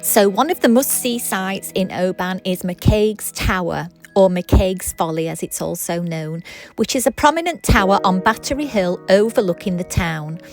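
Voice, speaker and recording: A woman's voice: mid-range voice, lively intonation, moderate pace. A woman narrating a travel vlog in a chatty way, with frequent ums and apologies. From not Scottish. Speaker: travel vlogger. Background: background music.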